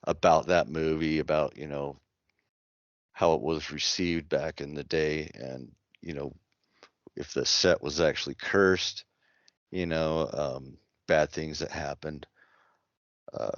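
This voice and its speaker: Super deep guy, laid back, lots of um and you know, dry muffled mic. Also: steady tone, takes it slowly, long pauses, no echo. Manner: hesitant, filler-heavy, easygoing. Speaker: podcast co-host. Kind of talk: casual chat.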